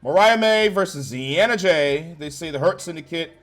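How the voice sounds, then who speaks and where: A man's voice: fairly high pitch, animated, moderate pace, a bit bright, soft background music. Blunt, foul-mouthed man ranting. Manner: blunt, sarcastic, swears heavily. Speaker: wrestling show reviewer. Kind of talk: profane ranting review.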